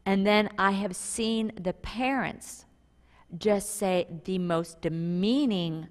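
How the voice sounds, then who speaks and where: A woman pastor preaches in a church, her voice carrying a long reverb tail around the room. She tells stories animatedly, leaping up in pitch for emphasis, with a middle-pitched voice. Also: slow pace. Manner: animated storytelling preacher with sudden pitch jumps and laughs. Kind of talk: sermon. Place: church sanctuary.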